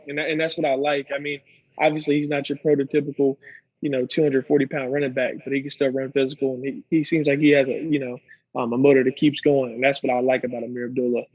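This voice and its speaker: A man's voice: mid-range voice, fairly even intonation, fast talker, a little mellow, no room sound, dull audio. A man co-hosting a casual sports podcast, giving earnest opinions with many ums and restarts. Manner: earnest, lots of ums and restarts while making his case. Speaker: podcast co-host.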